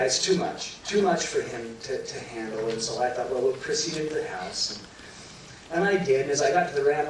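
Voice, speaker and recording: A middle-aged man telling an emotional personal story to a live audience, halting and restarting, choking up at times. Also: medium pitch. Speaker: guest telling his near-death story. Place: large hall before a live audience. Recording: very echoey hall, voice from far off, clear room noise.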